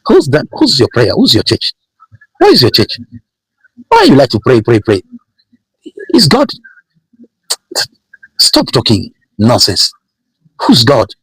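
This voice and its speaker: A man voicing a scornful, defiant male Pharaoh who mocks believers with rapid questions. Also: mid-range voice, wildly swooping pitch, a bit bright, slightly rough, no room sound, heavily acted, rough recording.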